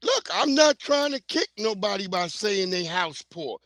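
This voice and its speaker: A man's voice: high voice, big pitch swings, measured pace, fairly bright tone, dry recording. A middle-aged man, hosting a livestream in a blunt, heated, profane rant. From New York. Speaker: livestream host. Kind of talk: casual ranting commentary.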